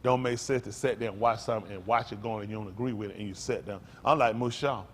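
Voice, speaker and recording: A male pastor preaching a sermon in a folksy style, calling out to his congregation and swinging from loud, high bursts down to low, quiet lines. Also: fast talker, slight background noise. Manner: animated preaching, leaps high and loud for emphasis, then drops low; folksy vernacular, calls out to the congregation. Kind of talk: sermon teaching.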